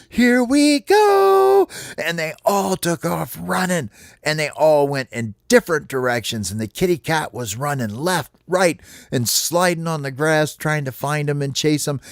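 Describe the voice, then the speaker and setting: A man telling a playful children's story to his kids in an animated way. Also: mid-range voice, no room sound, clean studio sound. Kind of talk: bedtime storytelling.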